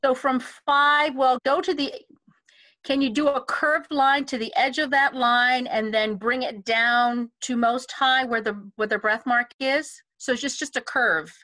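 Vocal coach, woman, fairly high voice, patient and instructive, dry video-call audio. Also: steady tone, sharp tone, no room sound, low-quality recording. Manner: patient, instructive, speaks sung lyrics in a measured way. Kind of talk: music lesson, talking through song phrasing. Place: home setup on a video call.

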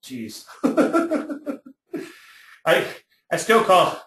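Cajun guy lecturing on trading, folksy and chatty, bright sharp voice, roomy echo. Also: high-pitched, huge pitch swings, very slow. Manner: folksy storyteller, chatty with fillers. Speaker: trading educator. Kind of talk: webinar lecture on stock charts. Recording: echoey room.

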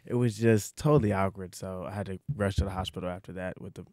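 Lower-voiced man, relaxed radio guest. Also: fast, no echo, studio quality. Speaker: band member guest. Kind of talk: casual radio interview chat.

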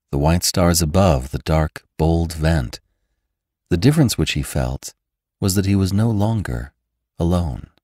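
Deep-voiced man narrating a classic novel. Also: no room sound, clean studio sound. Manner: measured, expressive storytelling. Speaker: narrator and podcast host. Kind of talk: scripted audiobook narration.

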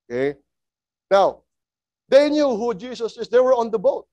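A man preaching a sermon in a slow, emphatic way, asking his listeners rhetorical questions. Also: extremely high pitch, very animated, dark tone, no echo, lo-fi sound.

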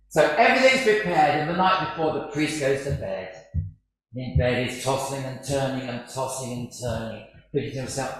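Chatty preacher in a church. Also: male voice, mid-range voice, expressive, normal speed, fairly bright tone. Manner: chatty, self-deprecating storyteller. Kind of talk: sermon with humour. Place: large church. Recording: very echoey church.

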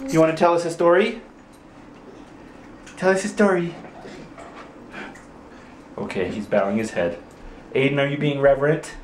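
A young father talks into a handheld camera at home, his pitch swinging widely as he jokes and baby-talks his toddlers. The recording has a faint hiss under it. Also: lively intonation, fast, rough recording. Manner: playful, silly voices, baby talk to his sons. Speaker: vlogger dad. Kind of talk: casual family vlog. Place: family home.

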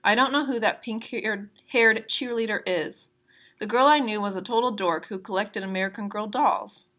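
A woman's voice: medium pitch, normal speed, fairly bright tone, lightly acted. A woman reading aloud the lines of a tearful, defensive teenage girl in a novel.

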